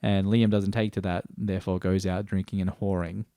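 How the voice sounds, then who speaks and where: A man's voice: low-pitched, little pitch movement, moderate pace, warm tone, clean tone, dry recording, studio quality. A man reviewing a TV series in a rambling, stream-of-consciousness way, swearing casually and often restarting sentences. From Australia.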